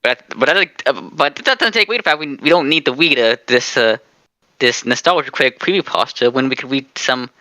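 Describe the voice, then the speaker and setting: Bright, stammering young-sounding man. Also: medium pitch, expressive, a little fast, no echo, clean studio sound. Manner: hesitant, full of restarts. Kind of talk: casual comedic chat.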